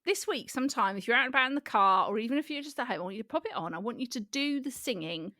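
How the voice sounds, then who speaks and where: A woman co-hosting a casual comedy podcast, talking in a high voice that leaps up and down as she rambles. She giggles often and keeps things playful. The sound is close and dry, with no room echo. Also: animated, very fast, sharp tone. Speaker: podcast co-host.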